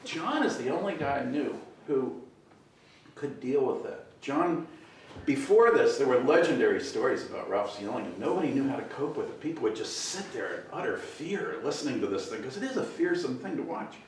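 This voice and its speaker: A man, an animator, telling a casual anecdote in an animated way and laughing often, recorded from a distant mic. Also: medium pitch, fairly quick, heavy reverb, slight background noise.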